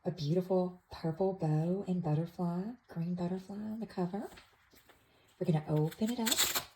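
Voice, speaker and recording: A woman gently showing an activity book to toddlers, naming pictures in a soft, sing-song way. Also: lowish voice, normal speed, slight background noise, rough recording. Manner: soft, sing-song, with playful animal sounds. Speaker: toddler class teacher. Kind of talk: slow, gentle show-and-tell for toddlers.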